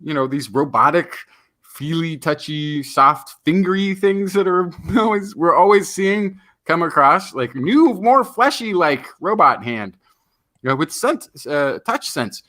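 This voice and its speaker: A man co-hosting a science podcast, adding his own explanations in an animated, playful way. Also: a little high, a little slow. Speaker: podcast co-host. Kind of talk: casual science podcast chat.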